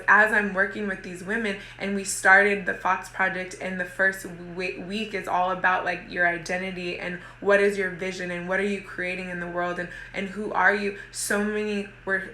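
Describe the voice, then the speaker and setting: A woman in her thirties talks casually and motivationally, rambling and peppering her speech with "like" as she restarts her sentences. Her voice is bright and forceful. The sound rings around an echoey room. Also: medium pitch. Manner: rambling, heavy use of "like", frequent restarts. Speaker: mother and women's group coach.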